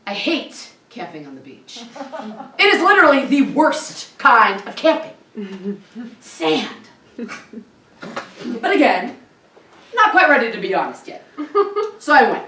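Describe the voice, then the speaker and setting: A woman telling a comic story in a solo show, animated and laughing often as she voices the people in it. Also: high-pitched, a little slow, pauses often, roomy sound, recorded from a distance. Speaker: comedic storyteller. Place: live performance venue.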